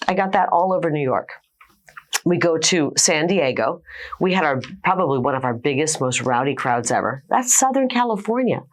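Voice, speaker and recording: A middle-aged woman answering interview questions confidently and emphatically, stacking points in quick lists. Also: deep voice, animated. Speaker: political candidate guest.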